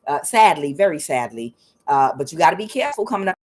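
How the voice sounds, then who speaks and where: A woman reading tarot in a casual spiritual chat, frank and profane, mimicking other people in a higher voice. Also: sing-song, fast, darkish tone. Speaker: tarot reader.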